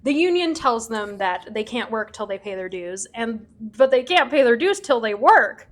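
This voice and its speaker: A woman's voice: on the high side, expressive, moderate pace. Giggly woman recapping scenes. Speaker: podcast co-host. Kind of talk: casual recap chat.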